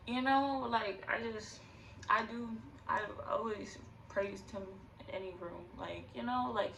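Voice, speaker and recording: Young adult woman, vlogger voice, gravelly and tearful, loose candid rambling, recorded from a distance with faint noise behind. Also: mid-range voice. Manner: rambling, fillers, nervous laughter. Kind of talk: candid personal vlog.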